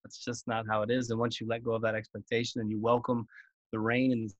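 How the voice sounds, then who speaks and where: A man's voice: medium pitch, monotone, fast, no echo, dull audio. A man co-hosting a podcast, speaking in an affirming, reflective way and repeating words as he thinks. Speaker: podcast co-host. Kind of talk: casual chat.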